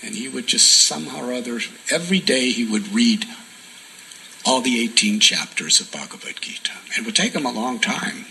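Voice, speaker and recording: Soft-spoken man telling a devotional story. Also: mid-range voice, expressive, normal speed, gravelly, a little hiss or hum, low-quality recording. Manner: soft-spoken, drops to near whispers for emphasis. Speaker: spiritual teacher.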